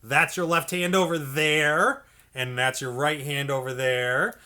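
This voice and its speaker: A slightly high, steady, sharp-toned male voice moves at a measured pace. The speaker is a music teacher leading an instructional video lesson for clarinet beginners, encouraging and patient, sprinkling in "okay" and "all right" and singing note syllables as examples.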